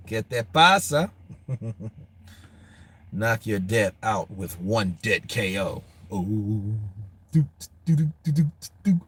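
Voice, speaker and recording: A man's voice: fairly low pitch, a bit bright. Loose, profane male boxing show host. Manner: loose, profane storytelling with frequent laughs. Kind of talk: casual live-stream chat.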